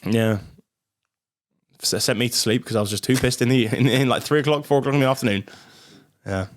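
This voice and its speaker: A man from the UK co-hosting a casual podcast, swearing a lot in excited banter. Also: medium pitch, brisk. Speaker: podcast co-host. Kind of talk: casual chat.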